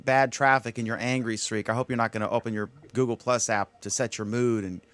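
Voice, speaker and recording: A man's voice: medium pitch, level tone, a little fast, a bit bright, clean tone. A man hosting a casual panel chat over a video call, asking easygoing questions. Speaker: host.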